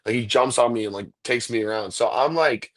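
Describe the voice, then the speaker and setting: A man's voice: mid-range voice, fairly quick. A man, a professional football kicker, talking casually as the guest in an interview, rambling through stories with lots of "like" and "dude". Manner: laid-back, rambling storyteller, says "like" and "dude" a lot.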